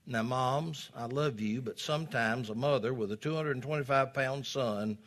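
Preacher guy, bright voice, gets loud and punchy then drops way down. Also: normal speed, few pauses. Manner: preaching, rising to loud emphatic peaks then dropping low. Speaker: pastor. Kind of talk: sermon.

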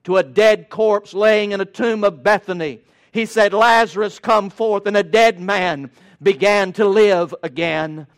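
A man's voice: sits high, a little slow. A male preacher delivering a sermon in an emphatic, rhythmic cadence with touches of folksy humor.

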